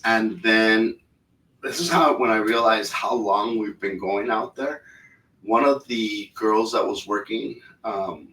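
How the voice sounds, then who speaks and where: A male podcast co-host tells a story in casual, profane chat, acting out the other people in it. His lowish voice is slow, pushed and bright, recorded on a distant mic a bit off-axis in an echoey room with a little hiss or hum.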